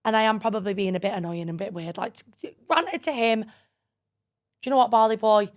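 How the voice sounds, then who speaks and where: Fast-talking woman in her twenties, animated storyteller. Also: medium pitch. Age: 20s. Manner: animated, full of "like", acts out quoted dialogue. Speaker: podcast co-host. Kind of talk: casual chat storytelling.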